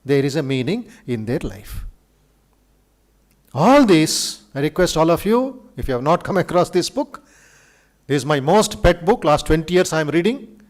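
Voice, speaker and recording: A monk with an Indian English accent giving a lively spiritual lecture to students in a university auditorium, telling stories with dramatic flair. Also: male voice, a little high, moderate pace. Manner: animated storyteller, acts out quoted speech, chuckles.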